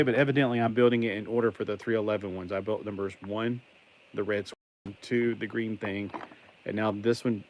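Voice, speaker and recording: A man's voice: fairly low pitch, a little hiss or hum. A man with a mild Southern American accent chatting casually as he builds a toy set on a livestream, rambling and making wordplay jokes. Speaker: livestream host. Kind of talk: casual live building chat.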